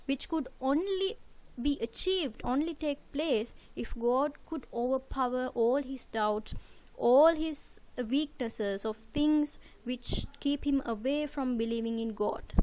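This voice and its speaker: High-voiced woman teaching literature. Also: a little slow, darkish tone, a little hiss or hum. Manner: methodical, asks rhetorical questions and repeats key words. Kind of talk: recorded lecture over slides.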